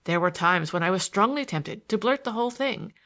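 Expressive woman audiobook narrator. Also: medium pitch. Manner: measured, expressive reading. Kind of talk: scripted narration.

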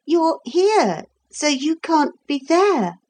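A woman's voice: sits high, big pitch swings, slow, dark tone, pitched above the performer's own voice, heavily acted. A woman voicing a bewildered young boy who asks upset, pleading questions. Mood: anxious.

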